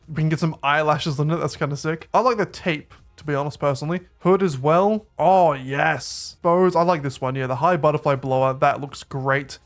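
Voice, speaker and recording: A man giving relaxed, chatty commentary over gameplay as a YouTuber. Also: a little high. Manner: relaxed, chatty, rates cars offhandedly. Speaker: gaming YouTuber.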